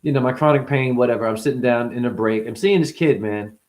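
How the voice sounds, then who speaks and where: A man's voice: mid-range voice, fast, a little mellow. A man talking as a spiritual teacher in a loose, profane monologue, playful and fond of acting out other people's voices. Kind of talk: rambling spoken monologue.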